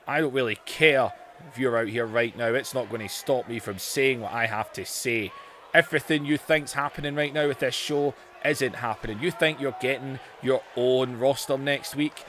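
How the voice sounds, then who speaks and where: A man doing a gruff, blunt wrestling enforcer. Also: mid-range voice, normal speed, fairly bright tone, slight background noise, natural voice. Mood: defiant.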